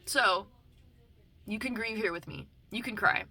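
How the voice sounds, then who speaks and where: A young woman vlogging in a loose casual chat, shifting between gentle comfort and cussing rants. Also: mid-range voice, a little slow, breathy edge. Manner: loose and playful, drifting between tender comfort and profane rants. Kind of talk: casual heartfelt chat to camera.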